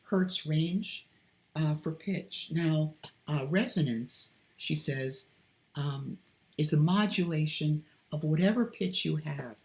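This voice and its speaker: Slow, low-voiced woman full of ums. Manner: hesitant, many ums and restarts; carefully softened, deliberate voice. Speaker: video host. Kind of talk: unscripted vlog commentary with read-aloud quotes.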